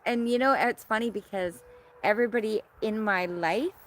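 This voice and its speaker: A woman's voice: mid-range voice, moderate pace, fairly bright tone, a little hiss or hum. A middle-aged woman from Canada hosting a casual livestream outdoors, chatting and reading viewer comments in a bubbly, hyper way. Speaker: livestream host. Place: outdoors in her yard.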